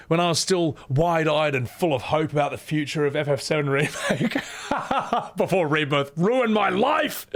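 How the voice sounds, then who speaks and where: A man's voice: on the high side, expressive, moderate pace, a bit bright. A man with a put-on Scottish accent, live-streaming a horror game and chatting casually with viewers, swearing freely and thanking chat. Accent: exaggerated put-on Scottish.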